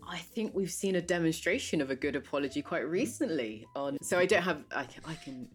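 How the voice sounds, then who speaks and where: Woman, very low voice, lively melody, playful, faint music. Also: brisk. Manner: playful, mocks fake apologies in voices. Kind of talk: casual chat.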